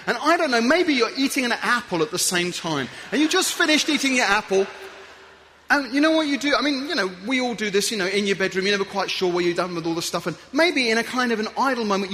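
High-voiced, bright man speaker. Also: slight background noise. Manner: playful, animated, acts out little scenes. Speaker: guest speaker. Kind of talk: lively motivational talk to an audience.

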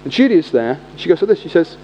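A middle-aged man with a British accent telling a story in a sermon, animated and chatty. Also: fairly high pitch, fast talker. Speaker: preacher. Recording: long reverb, dull lo-fi sound.

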